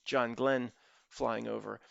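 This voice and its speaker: A man's voice: mid-range voice, fairly even intonation, takes it slowly, vocal fry, a bit bright, no echo. A man hosting his own channel, talking in a rambling solo monologue full of restarts and asides to his viewers. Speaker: channel host. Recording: dull lo-fi dry recording.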